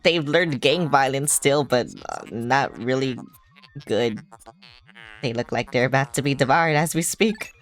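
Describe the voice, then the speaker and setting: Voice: medium pitch, a little slow, faint music behind. A streamer giving casual live commentary over a video game, sarcastic and swearing often.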